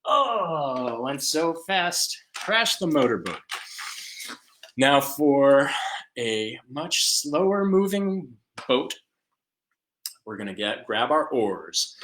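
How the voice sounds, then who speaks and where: A man leading a live online music class for young children at home, chanting and singing in a slow call-and-response style. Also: mid-range voice, noisy background. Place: home room.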